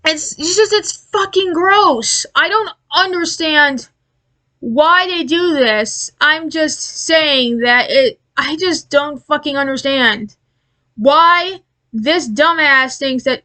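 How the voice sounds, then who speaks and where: A woman giving an angry, profane commentary rant, exasperated and halting with many restarts. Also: high-pitched, bright, forceful tone. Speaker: aviation commentary YouTuber.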